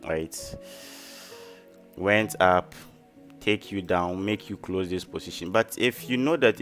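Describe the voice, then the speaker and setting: Low-voiced man hosting a live stream. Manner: chatty, repeats key phrases for emphasis. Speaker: trading livestream host. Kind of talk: casual live-stream commentary.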